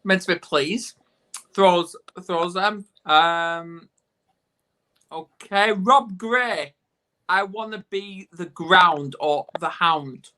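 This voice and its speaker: A man's voice: high-pitched, very slow, bright, forceful tone. Joking northern English man hosting live. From England. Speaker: host. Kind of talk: casual live stream chat. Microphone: video call.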